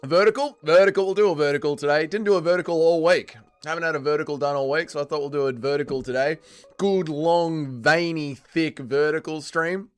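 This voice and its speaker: A young Australian man hosting a livestream in casual chat, energetic and slangy, greeting viewers and calling everyone mate. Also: on the high side. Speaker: livestream host.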